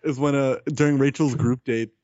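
A man's voice: medium pitch, fairly even intonation, normal speed, darkish tone, dry recording. A young man co-hosting a podcast, telling funny moments with a chuckle and lots of slang. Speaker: podcast co-host. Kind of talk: casual chat. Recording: dull lo-fi dry recording.

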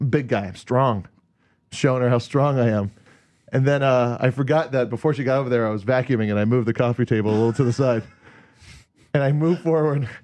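A man's voice: mid-range voice, a little mellow. A man, a podcast co-host, telling a rambling, laughing anecdote in casual chat.

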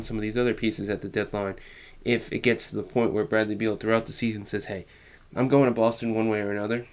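A man with a fairly low voice talks through sports trade ideas on his own. He rambles and speculates, filling pauses with "um" and "you know". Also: creaky. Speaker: basketball commentator. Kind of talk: solo sports analysis talk.

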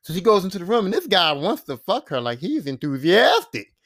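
A man hosting a podcast, recapping a TV episode in animated, profane storytelling. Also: high-pitched, brisk, no echo, clean studio sound. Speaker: podcast host.

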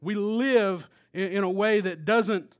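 High-voiced pastor telling a story. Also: male voice, slow pace. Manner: casual storytelling with chuckles and restarts. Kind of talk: sermon.

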